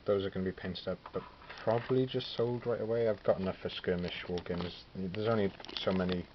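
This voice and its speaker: A man's voice: deep voice, steady tone, brisk. A man from Wales casually showing his miniature figures, thinking aloud with many fillers and self-corrections. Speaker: miniature wargaming hobbyist. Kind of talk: casual show-and-tell of a collection. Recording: slightly dull lo-fi recording with clear background noise.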